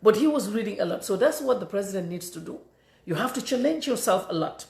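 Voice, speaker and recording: A middle-aged woman with a Gambian accent, talking in an animated, emphatic way in a casual monologue. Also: mid-range voice, fast, creaky, reverberant. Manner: animated and emphatic, laughs between points. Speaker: commentator.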